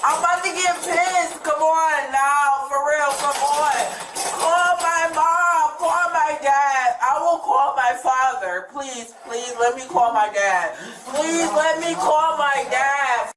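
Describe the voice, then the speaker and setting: A panicked woman, near tears, pleading frantically and shouting over and over in a jail booking room, caught on an officer's body camera. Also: high-pitched, slow pace, distant mic, a crowd in the background. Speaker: arrested driver. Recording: echoey room, off-mic, background noise.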